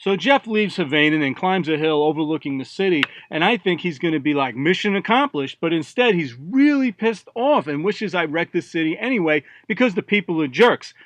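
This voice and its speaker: A man reading his own short story aloud in an offhand, deadpan, irreverent way. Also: on the high side, a little fast, few pauses, no room sound. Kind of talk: casual first-person story reading.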